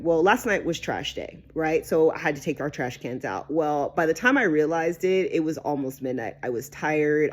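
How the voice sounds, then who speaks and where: A woman vlogger telling a personal story to camera in a casual, animated way, stressing words and swearing freely. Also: deep voice. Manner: animated, emphatic, peppered with swearing and "right?".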